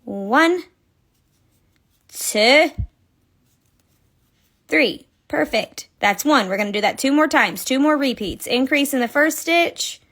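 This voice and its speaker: A woman's voice: sits high, lively intonation, slow pace, long pauses, fairly bright tone. A young woman hosting a casual live crochet tutorial, chatty, counting stitches aloud and laughing often. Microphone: phone.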